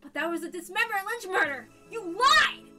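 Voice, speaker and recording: A woman's voice: very high voice, lively intonation, moderate pace, over loud music. A woman voicing an anguished, self-blaming teenage boy in a tearful, dramatic visual novel reading. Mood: agitated.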